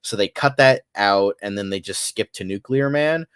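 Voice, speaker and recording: Man, podcast co-host, low voice, blunt, swearing, animated, dry recording. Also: moderate pace, clean tone, no room sound. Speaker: co-host of a daily fan news show. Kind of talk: casual podcast chat.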